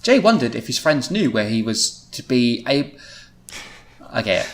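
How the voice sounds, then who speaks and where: Casting: male podcast host, giggly and animated, reading aloud with lots of laughs. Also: mid-range voice, measured pace. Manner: giggly, laughs often at his own writing. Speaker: podcast host reading his teenage writing. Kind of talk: comedic podcast read-through.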